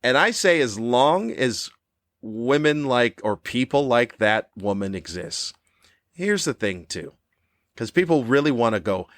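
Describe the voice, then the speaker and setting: A man in his fifties hosting a podcast, delivering a cranky comedic monologue with animated, ranting jabs. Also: unhurried, dry recording, clean studio sound. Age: 50s. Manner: animated, ranting, with sudden high-pitched jabs. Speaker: podcast host.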